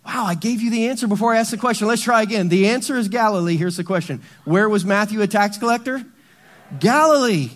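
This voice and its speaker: Man preaching, higher-pitched voice, dramatic hushed-then-loud delivery, church sermon. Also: fast talker. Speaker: pastor.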